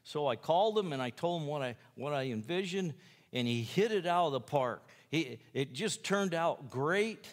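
A man's voice: a little high, animated, moderate pace, big-room sound. A man who preaches in jails tells his personal testimony in a folksy, rambling way, acting out the lines of other people. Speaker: jail preacher.

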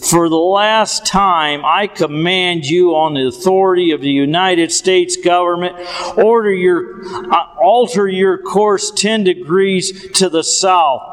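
A man voicing a proud male navy captain who barks stern orders over the radio, in a slow, drawn-out delivery. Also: high-pitched, big pitch swings, in a large hall, heavily acted. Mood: commanding.

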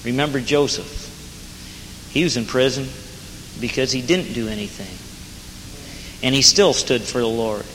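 A man's voice: medium pitch, normal speed, pauses often, fairly bright tone. A man preaching an earnest, plain-spoken sermon with rising emphasis, as a jail minister. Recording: hall reverb with faint noise.

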